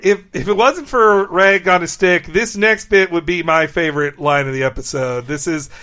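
A man's voice: sits high, moderate pace, pushed and bright. A man co-hosting a podcast in casual chat, laughing often as he talks. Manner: laughs often, quotes lines in funny voices. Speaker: podcast co-host.

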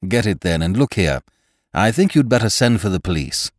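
A man voicing a brisk middle-aged male doctor who speaks with urgency. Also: lowish voice, big pitch swings, no room sound, studio quality. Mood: urgent.

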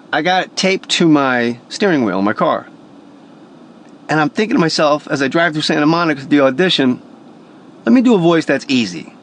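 A man's voice: a little high, a bit bright. A man telling a story in an emphatic, profane, casual way, a voice actor by trade.

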